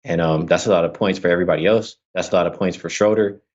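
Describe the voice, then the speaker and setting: A man on a betting panel casually giving his pick, with a few halting restarts. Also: sits low, fairly even intonation, darkish tone, muffled recording. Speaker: sports handicapper panelist.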